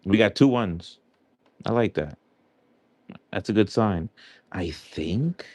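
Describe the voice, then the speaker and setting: A man's voice: fairly low pitch, expressive, slow pace, a little mellow, no room sound. A man with a New York accent, casually chatting with his viewers on a livestream and answering their questions as he goes. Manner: chatty, answers chat aloud, loose and rambling. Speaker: livestream host. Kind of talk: casual live chat with viewers.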